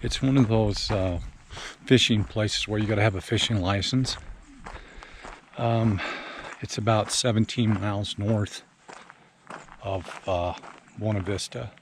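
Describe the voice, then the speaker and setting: Relaxed and rambling, this older man pauses often as he vlogs on a hike, slightly out of breath, his pitch fairly low. He's an RV travel vlogger filming a casual walking video on a mountain campground hillside. The handheld camera he carries picks up wind and other outdoor sounds.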